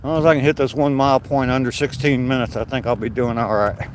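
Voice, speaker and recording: A man's voice: medium pitch, steady tone, fast talker, background noise. Chatty older man on a trail. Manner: chatty, jokey, chuckles often, talks to passersby. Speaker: vlogger. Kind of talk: casual walking vlog. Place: outdoor woodland trail.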